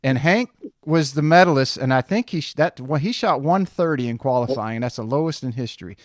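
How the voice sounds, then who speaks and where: A man's voice: medium pitch, animated, a little fast, no echo, clean studio sound. A man hosting a podcast, chatting casually and telling stories in an easygoing way, chuckling often. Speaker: podcast host.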